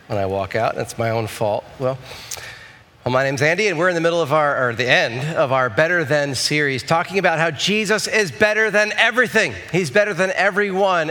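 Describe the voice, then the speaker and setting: Pastor, man, slightly high voice; playful, animated sermon storytelling. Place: church sanctuary. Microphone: handheld or headset mic.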